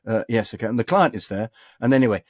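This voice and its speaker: A man's voice: mid-range voice, lively intonation, quick pace, a little mellow, no echo. A man who is a guest voice actor, telling rambling studio anecdotes in a casual chat. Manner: rambling anecdotal storytelling with hesitations.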